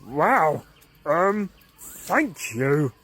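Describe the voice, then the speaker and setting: A man voicing a grumpy, hot-tempered caveman who shouts and yelps. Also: high-pitched, huge pitch swings, slow pace, slightly rough, voice pushed up, full character voice. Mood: sheepish. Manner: shouting and yelping.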